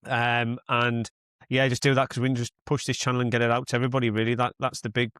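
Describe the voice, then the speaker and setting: A man's voice: medium pitch, flat delivery, fast talker, fairly bright tone, smooth, no echo, clean studio sound. A man hosting a podcast in casual, rambling chat that slips into mild swearing. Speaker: podcast host.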